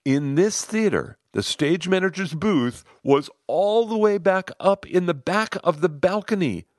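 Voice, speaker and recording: A middle-aged man telling a personal story in an animated way, acting out the lines of other people. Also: high-pitched, a little slow, no echo, clean studio sound. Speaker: host, storyteller. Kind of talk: personal story told to listeners.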